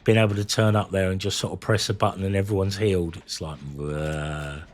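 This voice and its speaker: A man's voice: sits low, steady tone, fairly quick. A man, chatting casually and candidly while streaming a game, rambling and swearing freely. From England. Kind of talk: casual chat while gaming.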